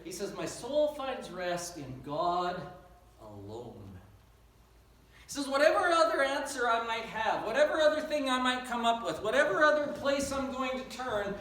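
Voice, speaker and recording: A man preaching a sermon in an earnest, emphatic way, dropping low and quiet on key phrases. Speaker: pastor. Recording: echoey and distant, faint noise.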